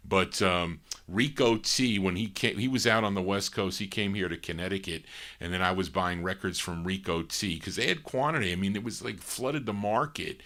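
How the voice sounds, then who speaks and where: A man's voice: low-pitched, sharp tone. A man hosting a live record show, rambling and digressing casually between songs. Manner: rambling, digressive, chuckles to himself. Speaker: radio show host and record DJ.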